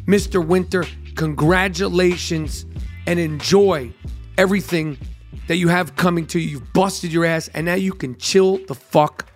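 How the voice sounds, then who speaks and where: A man's voice: high voice, measured pace, faint music behind. A man hosting a comedy podcast, riffing through a monologue in a hyped-up, profane, joking way. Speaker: podcast host.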